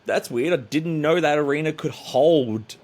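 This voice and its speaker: A man's voice: fairly high pitch, a little slow, darkish tone. A man, a podcast guest who rambles and makes sarcastic jokes in casual chat.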